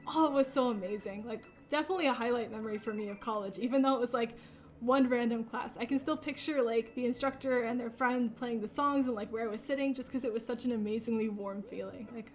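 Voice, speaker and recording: Chatty high-voiced young woman. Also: fairly quick. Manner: chatty and rambling, laughs often, many fillers. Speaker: speedrunner streaming a game. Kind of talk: casual chat while playing.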